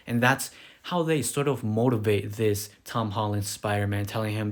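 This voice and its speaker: A man's voice: fairly low pitch, steady tone, normal speed. A man casually recapping a film plot in a loose, rambling way, full of fillers. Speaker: movie reviewer. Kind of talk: casual spoken movie recap.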